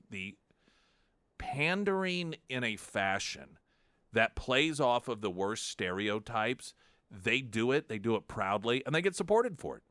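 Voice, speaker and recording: A man's voice: fairly low pitch, sharp tone, no room sound. A male talk radio host giving sarcastic, mocking political commentary in a studio. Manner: sarcastic, mocking, with frequent restarts. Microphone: studio microphone.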